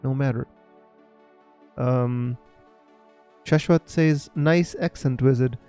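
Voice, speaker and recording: A young Indian man with an Indian English accent, chatting casually on a live stream, halting with many fillers as he answers viewers. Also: mid-range voice, dark tone, faint music behind. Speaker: fantasy football streamer.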